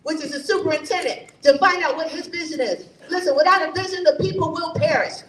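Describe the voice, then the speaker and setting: A woman's voice: very high-pitched, fast, a bit bright, slight background noise. A woman from New Haven speaking as a mayoral candidate at a forum, emphatic and rousing, full of rhetorical questions. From New Haven, Connecticut. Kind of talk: campaign forum speech. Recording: echoey room from far off.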